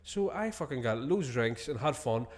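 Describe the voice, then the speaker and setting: A man's voice: medium pitch, expressive, moderate pace. Sweary man telling stories. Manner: sweary, laughing storyteller. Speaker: podcast host. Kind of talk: casual chat.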